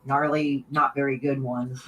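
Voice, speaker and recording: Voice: mid-range voice, little pitch movement, unhurried, a bit bright, slight background noise, rough recording. A guest in a casual stream chat, talking bluntly with lots of swearing and filler words.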